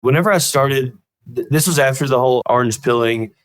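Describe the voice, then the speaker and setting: A man's voice: medium pitch, a little fast, dry recording, poor audio. A man, a guest telling rambling, self-deprecating stories in an interview. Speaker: guest comedian and show creator. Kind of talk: casual interview storytelling.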